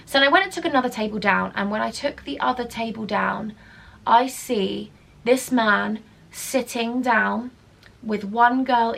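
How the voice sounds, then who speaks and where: A young woman in her twenties telling a storytime vlog in an animated, gossipy way, often dropping into whispers. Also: fairly high pitch, creaky. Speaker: vlogger.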